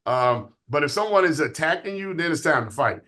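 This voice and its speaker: A man speaking as a police guest on an interview podcast, measured and reflective, with hesitant fillers. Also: on the high side, expressive, bright, forceful tone. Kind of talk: conversational interview.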